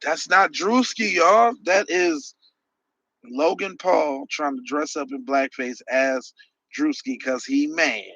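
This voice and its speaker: A man's voice: on the high side, slow, a bit bright, no room sound, highs cut off. A man hosting a podcast livestream, answering chat messages with sarcastic, mocking rants. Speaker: podcast host reading live chat. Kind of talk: heated livestream commentary.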